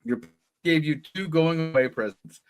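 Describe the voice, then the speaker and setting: A man's voice: a little high, brisk, gravelly, clear, resonant tone. A middle-aged man co-hosting a live podcast, reading an adventure gamebook aloud with frequent jokes and laughter. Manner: jokey, laughs often, ad-libs. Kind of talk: comedic live read-along.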